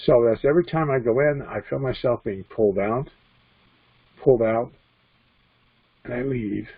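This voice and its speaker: A man teaching as a spiritual medium, halting and repeating himself, on a dull, dry computer recording. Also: medium pitch, slightly rough, dry recording. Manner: halting, repeats and restarts phrases. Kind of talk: teaching talk. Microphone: computer mic.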